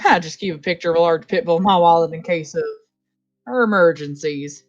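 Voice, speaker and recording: A woman voicing a quiet, gruff middle-aged dad with a low, dry, understated delivery. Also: a little fast, lo-fi sound, faint music behind, natural voice. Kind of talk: voicing a game character on stream.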